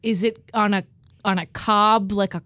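A woman's voice: medium pitch, fairly even intonation, normal speed, fairly bright tone, no echo. A woman co-hosting a podcast in casual chat, curious and self-deprecating with plenty of fillers. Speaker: podcast co-host.

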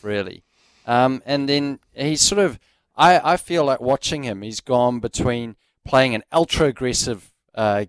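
A man's voice: medium pitch, smooth, dry recording. A man co-hosting a casual sports radio show, chatting enthusiastically and rambling a little with fillers. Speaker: radio co-host.

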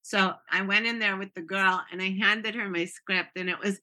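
Bright-voiced woman telling stories. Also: medium pitch, normal speed. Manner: animated, laughs often, many restarts. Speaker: guest. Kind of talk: casual storytelling chat.

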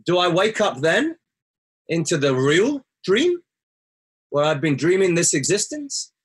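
A man with a high, husky, sing-song voice speaks a little slowly as a guest sharing a personal story. He's earnest and reflective, and his voice rises sharply when he quotes himself.

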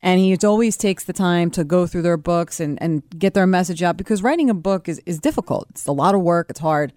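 A woman who produces and co-hosts a radio show speaks earnestly and at length, with many fillers, in casual chat. Her voice is fairly low and darkish, her pace brisk, and the studio-quality audio has no echo.

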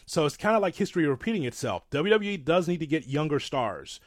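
Animated rambling man, dry sound. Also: on the high side, fast, no echo. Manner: animated, rambling, self-described old-school fan. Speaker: podcast co-host. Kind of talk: casual wrestling talk.

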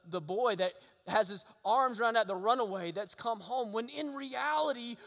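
A male pastor delivers an earnest sermon in a very high voice that is bright and forceful. He keeps turning to the congregation with rhetorical questions. A long hall reverb trails after his words.

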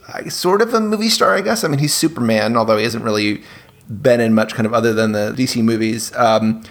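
A man chatting on a podcast, thinking aloud and hedging often with "sort of" and "like". He talks at an everyday middle pitch and a relaxed pace. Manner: hesitant, full of hedges like "sort of" and "like". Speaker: podcast panelist. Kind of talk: casual chat.

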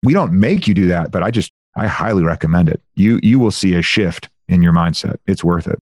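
Male founder guest, low voice, chatty and animated, dry studio sound. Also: fairly quick, breathy edge, no echo. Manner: animated, explanatory, lots of "like" and "you know". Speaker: budgeting software founder, guest. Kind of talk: casual interview conversation.

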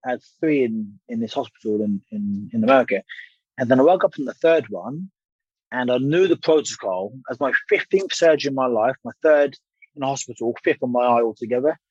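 Speaking briskly in a mid-range voice with a darkish tone, a man in his thirties who used to box recounts a lengthy story as an interview guest. He's candid, swears freely and keeps restarting as he rambles, and the audio is dull with no echo.

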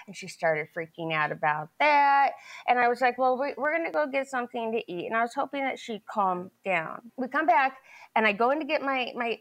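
Middle-aged lady telling the judge her side, kinda high voice, rambly, keeps restarting. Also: normal speed, a bit bright. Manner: rambling, talks in restarts and acted-out quotes. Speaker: plaintiff in a small claims court case. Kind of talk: testimony in a televised courtroom.

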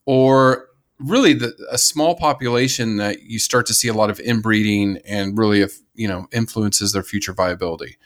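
A man's voice: on the low side, moderate pace. An American man co-hosting a casual conservation podcast, talking enthusiastically and rambling with frequent restarts. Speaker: podcast co-host.

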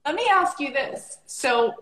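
A woman's voice: sits high, animated, a little slow, a bit bright. A married woman hosting her own podcast, chatting casually and animatedly with her guest. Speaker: podcast host. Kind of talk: casual interview chat. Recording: roomy echo.

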